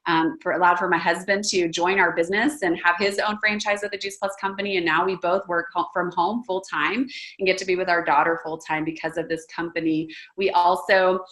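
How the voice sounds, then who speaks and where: A woman in her thirties with a Texas accent and a somewhat low voice. She talks casually and earnestly, ticking off points and pausing on ums. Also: steady tone, fairly bright tone. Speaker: network marketing presenter. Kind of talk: casual testimonial talk.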